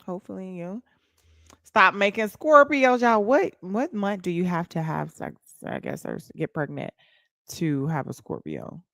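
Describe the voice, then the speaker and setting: Blunt mocking woman livestreamer, low voice. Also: very animated, normal speed, gravelly, darkish tone, no echo, clean studio sound. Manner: blunt, mocking, talks straight to viewers. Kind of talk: casual livestream chat.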